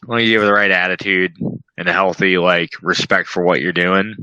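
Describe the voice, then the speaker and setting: A young man chatting casually as a podcast guest, his voice bright and forward and somewhat low for a man. He laughs a lot and slips into quick voices to act out how he reacted. It sounds dry and close, with no room around it. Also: fairly even intonation, clean tone, dry recording, lo-fi sound. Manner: laughs often, acts out his own reactions. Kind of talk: casual chat.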